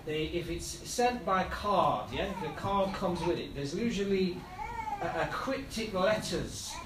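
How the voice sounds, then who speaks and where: A man with a high voice preaches at an unhurried pace, leaning into fervent, repeated appeals. He is heard from some distance through a microphone in a church hall, with the room's echo around his words and faint ambience behind. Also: expressive, noisy background. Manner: slow, building to fervent appeals. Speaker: pastor. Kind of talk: sermon.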